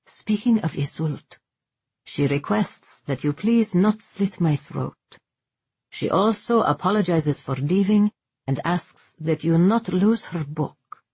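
A woman's voice: lowish voice, expressive, a little mellow, husky, no echo, heavily acted. A woman doing a stern, stoic male guardian. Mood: stern, grave. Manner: grave, measured, unbending.

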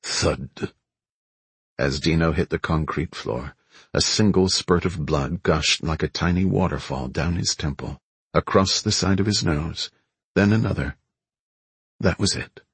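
A deep, husky male audiobook narrator reads scripted narration with no echo. His storytelling is steady and measured.

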